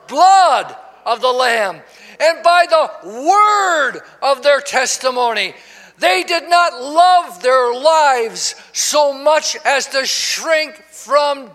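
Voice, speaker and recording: Pastor in his 60s, high bright tenor, slow deliberate preaching, long church reverb. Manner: preaching, swelling to shouts with call and response. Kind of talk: sermon. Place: church sanctuary.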